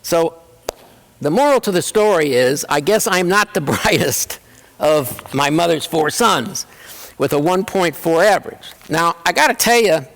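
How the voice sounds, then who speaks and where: A man with a fairly high, lively voice tells funny stories from his own life as a keynote speaker. He swings his pitch widely and slips into voices for his family members. His voice rings with the long reverb of a large hall. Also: unhurried, creaky. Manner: animated, acts out family members in quoted voices. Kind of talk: humorous personal storytelling.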